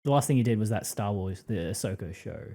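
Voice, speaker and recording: A man co-hosts a casual film chat, speaking in a chatty way that often trips into restarts. His voice is on the low side, with a dark, mellow tone. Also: lively intonation, fast talker. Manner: chatty, stumbling restarts, laughs along. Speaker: podcast co-host.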